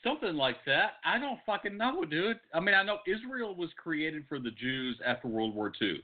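A man's voice: a little high, very animated, moderate pace. Brief: male co-host, blunt and dismissive, swears freely, swoopy delivery, phone-line sound. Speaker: podcast co-host. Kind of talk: casual profane chat.

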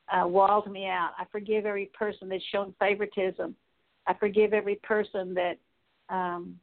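A woman Bible teacher leading a slow, halting spoken prayer with many pauses and fillers. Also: medium pitch. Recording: tinny phone-like audio.

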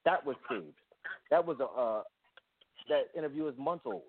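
A male caller on a talk radio show, speaking at a middle pitch. He talks haltingly, often stopping to search for words. His voice comes through dry and thin, like a phone line. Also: slightly rough, no echo.

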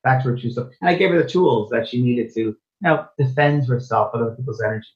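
A man's voice: mid-range voice, fast. Earnest man in a lo-fi interview. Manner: earnest, often repeats and restarts phrases. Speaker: interview guest, spiritual medium and teacher. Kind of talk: casual interview chat. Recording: dull, lo-fi sound.

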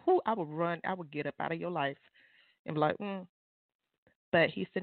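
A woman, an author and guest, giving fervent, preachy testimony on a call-in show, leaping into high exclamations. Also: brisk, gravelly, dry recording. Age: adult mother. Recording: tinny phone line.

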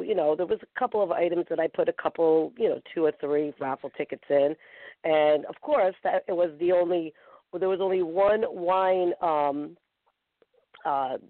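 A woman's voice: low voice, no echo. A woman talk show host telling a story in chatty, casual fashion, full of filler words. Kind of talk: casual chat. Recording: tinny phone line.

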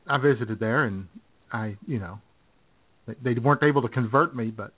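A man's voice: mid-range voice, moderate pace, husky. A man co-hosting a casual radio chat, making dry jokes and chuckling. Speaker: podcast co-host. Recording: tinny phone-like audio.

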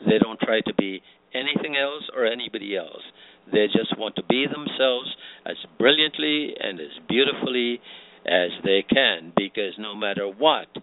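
An older man from Guyana, a guest author, telling anecdotes with gentle humor in casual conversation. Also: on the low side, normal speed. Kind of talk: casual chat. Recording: dry, tinny phone line.

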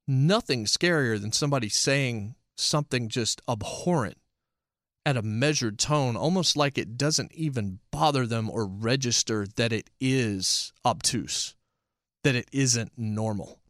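A man's voice: mid-range voice, unhurried, fairly bright tone, no echo, studio quality. Emphatic man reviewing TV shows. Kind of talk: casual review commentary.

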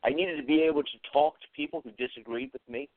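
Here the atheist commentary host sounds a little high and talks fast, musing earnestly on his own with short repeated phrases and plenty of hesitation. It's a dry, echo-free recording with a tinny, phone-like quality.

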